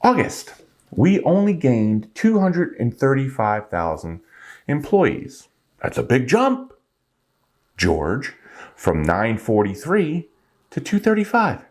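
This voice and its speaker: A middle-aged man hosting a finance vlog, ranting in an animated, exasperated way and calling out imaginary viewers by name. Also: medium pitch, takes it slowly. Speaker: finance channel host.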